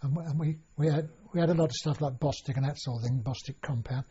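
A man's voice: fairly high pitch, quick pace, dark tone, slightly rough. An older man recalling his past in an oral history interview, rambling with many restarts and fillers. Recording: dull lo-fi recording.

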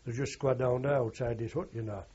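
An older man, a war veteran, offers rambling, anecdotal recollections in an oral history interview, speaking a little fast in a mid-range voice with fairly even intonation. His tone is dark with a breathy edge, he often says "you know" and "like," and the sound is lo-fi.

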